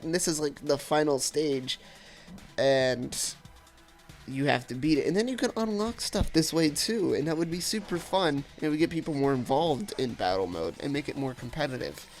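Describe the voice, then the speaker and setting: A man hosting a casual gaming video, rambling excitedly through his ideas with lots of filler words. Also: fairly high pitch. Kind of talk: casual gaming predictions vlog.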